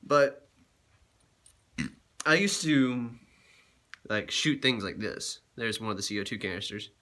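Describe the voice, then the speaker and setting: A man's voice: mid-range voice, expressive, unhurried, pushed and bright. A man vlogging in a casual, crude and joking way, cursing often. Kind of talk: casual vlog commentary.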